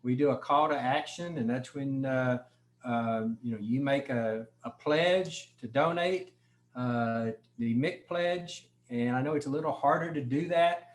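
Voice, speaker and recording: Relaxed male host on a video call. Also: mid-range voice, a little slow. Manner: relaxed, with frequent ums and you-knows. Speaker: host running a convention session. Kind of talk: casual meeting moderation.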